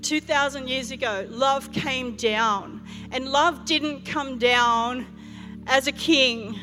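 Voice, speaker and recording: A woman's voice: sits high, fairly even intonation, slow pace. A woman pastor, preaching a sermon in earnest storytelling fashion, often restarting her phrases. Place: large church hall. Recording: church hall reverb with music behind.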